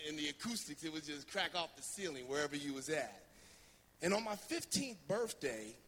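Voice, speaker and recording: A man from New Jersey preaching a sermon, telling a story in a lively, anecdotal way with many fillers. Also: on the high side, long reverb tail, a little hiss or hum. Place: church sanctuary.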